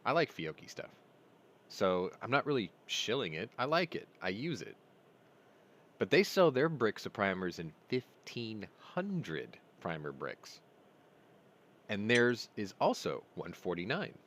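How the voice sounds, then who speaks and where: A man with a low voice chats casually as the host of his own stream. He rambles through his stories, and his pitch swings widely as he goes. He often laughs at his own jokes. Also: very animated, unhurried, fairly bright tone. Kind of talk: casual live-stream chat.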